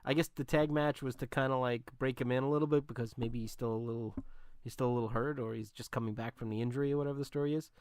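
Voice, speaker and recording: A man's voice: mid-range voice, steady tone, fast, few pauses, a little mellow, clean tone, no echo, studio quality. A man co-hosting a casual podcast, chatty and jokey, laughing at his own jokes. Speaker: podcast co-host. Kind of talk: casual chat.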